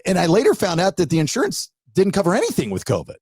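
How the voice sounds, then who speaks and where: A man's voice: sits high, quick pace, husky, no echo, studio quality. A middle-aged man co-hosting a podcast, telling a story in casual chat and acting out what people said. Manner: animated storyteller who acts out what people said. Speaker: podcast co-host.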